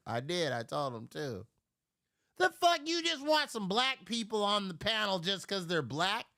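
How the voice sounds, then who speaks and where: Streamer, male, gravelly and sharp-toned, loose profane rant with big pitch swings. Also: unhurried, no room sound, clean studio sound. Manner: profane and animated, shifts into loud impressions. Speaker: livestream host. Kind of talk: casual rant to a live stream.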